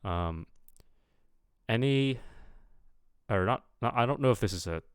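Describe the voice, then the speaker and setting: A man giving casual feedback as a coach, halting with many fillers and repeating sounds aloud. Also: medium pitch, lively intonation, clear, resonant tone, no echo, clean studio sound. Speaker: accent coach.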